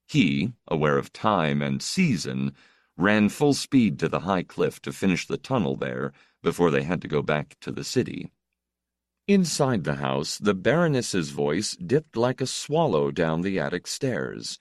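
Male storyteller, deep tone, varied melody, measured delivery. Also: no room sound, clean studio sound. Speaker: narrator. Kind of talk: scripted narration.

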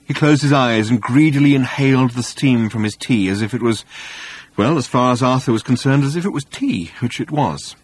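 A man narrating an audiobook with wry, animated storytelling, recorded on a close studio mic. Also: medium pitch, normal speed, slightly rough, dry recording.

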